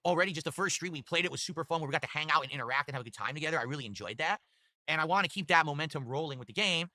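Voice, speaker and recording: A man with a slightly high voice streams live from a room in his home, talking rapid-fire into a desktop USB mic with no echo. He rambles and swears through casual chat, reading donations and giving animated thank-yous.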